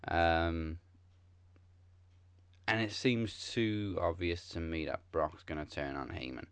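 A man's voice: low-pitched, slow, clear, resonant tone, no echo. A Welsh man chatting casually as a podcast co-host, laid-back and hesitant with many fillers. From Wales. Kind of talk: casual chat.

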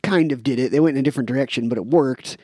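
A relaxed man co-hosting a film podcast, reading out trivia between casual banter. His voice is mid-pitched and recorded dry and close. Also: very fast, husky, dry recording. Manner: relaxed, reads trivia aloud. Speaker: podcast co-host.

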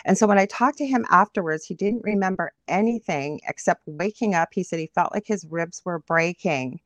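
A woman from Canada speaks as an interview guest, pitched a little low and recorded dry and close. She retells her story vividly and with animation, as if reliving it. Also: normal speed, a bit bright, no echo. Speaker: guest medium.

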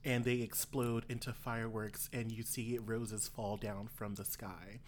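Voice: medium pitch, level tone, measured pace, slight background noise. A player in a tabletop game, describing a performance and laughing at themselves. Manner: giggly, self-mocking.

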